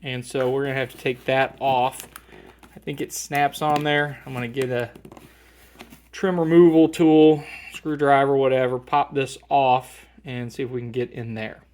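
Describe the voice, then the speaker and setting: A man's voice: medium pitch, steady tone, normal speed, darkish tone. A man talking casually while working on a car seat in his garage, thinking aloud with plenty of fillers. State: slightly out of breath at times. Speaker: DIY car restorer. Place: home garage.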